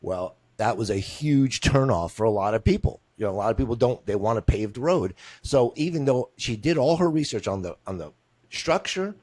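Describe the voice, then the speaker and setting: A man's voice: medium pitch, animated, normal speed, darkish tone, no echo. A man hosting an interview, talking casually with asides, rhetorical questions and restarts. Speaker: interviewer, podcast host.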